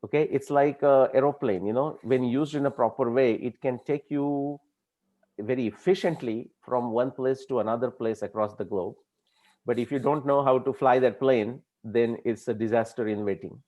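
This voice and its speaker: A man giving an explanatory talk to an audience, measured and deliberate, often checking in with "okay" as he explains. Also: mid-range voice, dark tone. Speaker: speaker giving a lecture.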